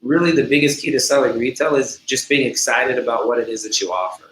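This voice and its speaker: Bright-voiced man on an echoey call. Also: medium pitch, quick pace. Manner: enthusiastic, conversational. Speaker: salon owner and co-host. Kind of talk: casual business talk. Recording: echoey room with faint hum.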